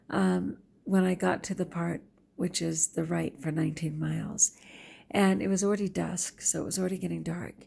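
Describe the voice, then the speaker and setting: Gravelly, husky woman telling a story. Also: on the low side. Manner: animated storyteller, drops to whispered asides. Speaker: teacher and vlogger. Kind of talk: personal storytelling vlog.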